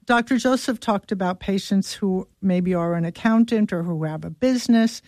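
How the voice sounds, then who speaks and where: A woman physician guest explaining memory with analogies, slowing down for emphasis. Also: medium pitch, darkish tone, no echo, clean studio sound. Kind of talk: explanatory conversation.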